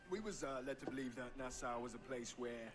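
An actor playing a cheeky, bawdy young pirate sidekick in a video game, jeering and stammering. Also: male voice, medium pitch, expressive, normal speed, gravelly. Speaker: game character. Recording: game cutscene with music. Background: music score.

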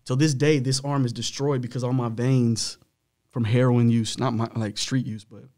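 A man's voice: medium pitch, flat delivery, moderate pace, darkish tone, no room sound, clean studio sound. A man as a podcast guest, telling his own story in a candid, blunt way, full of slang and swearing.

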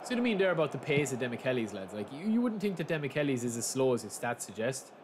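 A young man hosting a gaming channel, talking casually through a live match and breaking into loud, excited shouts. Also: mid-range voice, fast talker. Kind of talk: live gameplay commentary. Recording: steady background noise.

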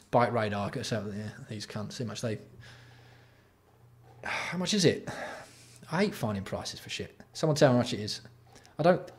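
Male livestream host, exasperated sweary commentary, mid pitch. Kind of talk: casual live-stream commentary.

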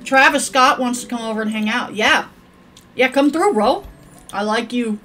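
With a little hiss or hum on the audio, a woman speaks at normal speed in a fairly high, sharp-toned voice while hosting a gaming channel. She rambles through casual play-by-play, chatting and cursing freely.

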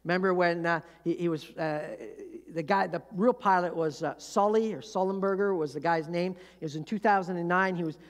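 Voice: medium pitch, a little fast, few pauses, in a large hall. A pastor giving a conversational sermon, telling a story and often asking the congregation questions. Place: church sanctuary.

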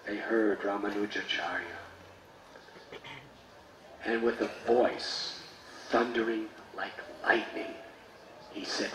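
A man, a spiritual teacher, telling a sacred story in a sermon with slow, dramatic delivery. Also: on the low side, fairly even intonation, fairly bright tone. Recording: echoey, distant mic, faint noise.

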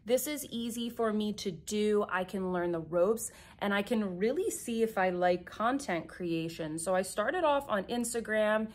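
A chatty young woman filming a relaxed get-ready-with-me video at home, talking straight to her viewers while she puts on her makeup. Her voice sits at an ordinary middle pitch, and she speaks with eager, friendly energy, as if catching up with friends. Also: unhurried, hardly any pauses. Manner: chatty, enthusiastic, talks while doing makeup. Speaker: beauty YouTuber.

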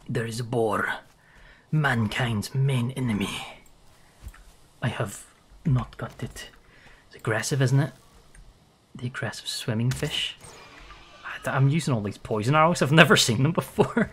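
A man streaming a game with playful, excitable commentary and frequent laughter. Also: medium pitch, a little slow, long pauses, a little hiss or hum. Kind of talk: live gameplay commentary.

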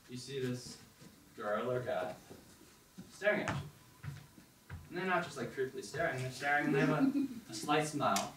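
A young man telling an animated second-person story at an open mic, acting out the thoughts he quotes. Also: mid-range voice. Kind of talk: storytelling monologue. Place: performance hall. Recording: echoey hall, distant mic, faint noise.

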